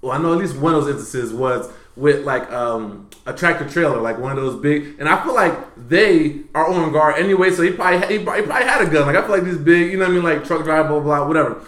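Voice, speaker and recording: A man with a slightly high voice tells a story in casual podcast chat. He is animated and profane, jumping from loud bursts to quiet mutters. The room around him is roomy and echoey. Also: fast, hardly any pauses. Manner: animated, profane, swings between loud and low. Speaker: podcast host.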